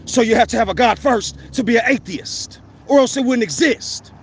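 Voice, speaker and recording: Man, blunt profane vlog rant, high-pitched; outdoor recording with heavy traffic noise. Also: normal speed. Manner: blunt, heated, profane ranting. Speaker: vlogger. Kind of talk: walking vlog monologue. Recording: outdoor street noise, passing cars.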